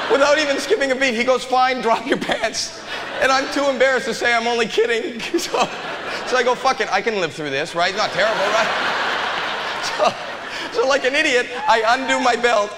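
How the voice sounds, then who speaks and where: Man, stand-up comedian, high voice, stammering storyteller, live crowd, reverberant hall. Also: brisk, background noise. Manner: storytelling with stammered repeats and chuckles. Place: comedy stage. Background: audience laughter.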